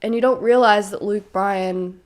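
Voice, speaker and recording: A woman's voice: mid-range voice, fairly even intonation, measured pace. Chatty young woman podcast host. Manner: chatty, enthusiastic fan talk with fillers. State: slightly sick. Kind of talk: casual solo podcast chat.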